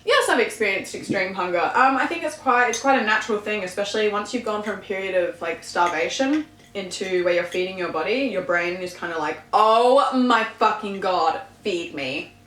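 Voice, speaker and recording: A woman's voice: medium pitch, a little fast, few pauses, fairly bright tone, echoey room, a little hiss or hum, rough recording. A young woman vlogger chatting casually and candidly through a Q&A while eating, swearing freely and laughing easily. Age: young adult.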